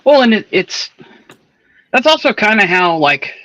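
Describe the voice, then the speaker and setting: A man from the Atlanta area, chatting in a casual book club with animated, restart-filled storytelling. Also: high-pitched, a little slow. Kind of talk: casual livestream book chat.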